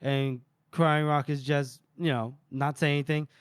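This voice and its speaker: Smooth-voiced man recapping a book chapter. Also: on the high side, little pitch movement, measured pace, no room sound, studio quality. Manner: retells scenes, briefly voicing characters' lines. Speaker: podcast co-host. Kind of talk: casual book discussion podcast.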